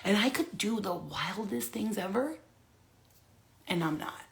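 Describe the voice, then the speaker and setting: A woman's voice: medium pitch, measured pace, creaky. A woman talking casually in a vlog about spiritual life, laughing often, swearing freely and acting out other people's words. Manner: animated, mimics others in put-on voices. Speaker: spiritual vlogger. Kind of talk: casual monologue.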